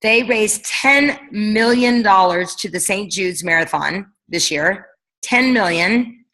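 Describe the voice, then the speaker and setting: A woman's voice: medium pitch, takes it slowly, fairly bright tone, rough recording. A woman coaching her team on a leadership call, talking casually and energetically, firing off rhetorical questions. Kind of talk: motivational coaching talk.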